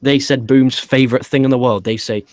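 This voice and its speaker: A man's voice: medium pitch, steady tone, fairly quick, darkish tone, dry recording. A man co-hosting a podcast, recapping a wrestling show in a dry, matter-of-fact way. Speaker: podcast co-host.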